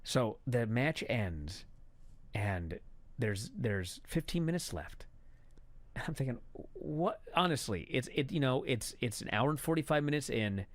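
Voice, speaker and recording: A man telling a story as a profane, exasperated rant that builds to shouting. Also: mid-range voice, a little slow, no echo. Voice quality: animated storyteller. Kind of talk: comedic rant.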